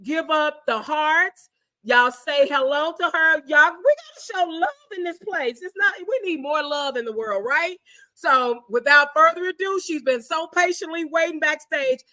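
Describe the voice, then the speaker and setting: A woman's voice: high voice, moderate pace, pushed and bright. A woman hosting a casual interview, chatty and effusive. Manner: chatty, effusive, says y'all. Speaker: talk show host.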